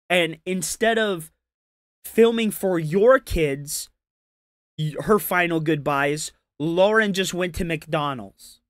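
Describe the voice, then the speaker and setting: A man's voice: fairly high pitch, no echo, clean studio sound. A man doing casual reaction commentary on a stream, ranting in an exasperated, profane and mocking way.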